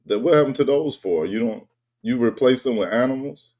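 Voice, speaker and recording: A man's voice: mid-range voice, brisk, darkish tone. A male host in casual chat, blunt and joking, with plenty of slang.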